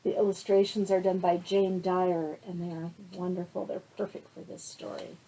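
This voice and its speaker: A woman, a children's librarian reading picture books aloud to babies in a gentle, soothing, sing-song way. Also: fairly low pitch, flat delivery, normal speed, hardly any pauses, a little hiss or hum, rough recording.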